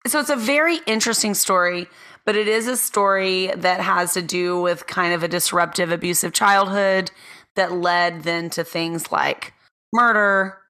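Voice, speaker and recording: Chatty hoarse-ish woman podcast co-host. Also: on the low side, fairly even intonation, moderate pace, bright, forceful tone. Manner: chatty, laughs often, trails off. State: a little hoarse. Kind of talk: casual chat. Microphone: studio mic with red light.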